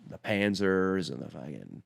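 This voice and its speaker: A man's voice: low voice, very animated, measured pace, creaky. A man co-hosting a podcast in casual chat, joking and swearing a lot. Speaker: podcast co-host.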